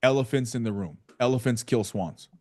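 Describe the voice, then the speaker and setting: Man, sales coach, live training, emphatic, playful, acts out calls, mid-pitched voice. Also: fairly quick, a little mellow. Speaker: real estate sales coach.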